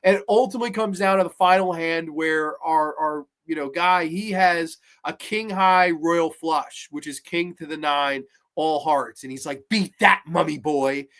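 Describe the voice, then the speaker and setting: Male podcast host, fairly high voice, loose and profane, rambling recap. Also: normal speed. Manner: animated, profane, rambling, many fillers and restarts. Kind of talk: casual horror TV review chat.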